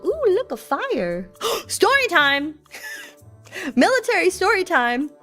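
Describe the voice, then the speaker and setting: A woman's voice: high-pitched, a bit bright. A young woman streamer chatting casually with viewers, playful and teasing as she tells stories.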